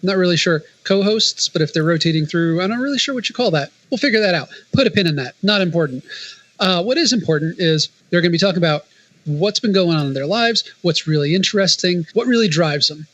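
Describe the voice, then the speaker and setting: A man's voice: high voice, lively intonation, quick pace, fairly bright tone, low-quality recording. A man co-hosting a podcast in casual chat, full of dry quips and offhand asides. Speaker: podcast co-host.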